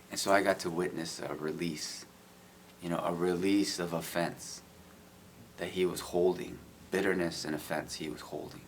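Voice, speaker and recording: A man's voice: deep voice, flat delivery, normal speed, a little hiss or hum. A middle-aged man telling of his faith and street outreach in an earnest, casual way, often saying "you know". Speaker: guest, IT business owner. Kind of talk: casual testimony.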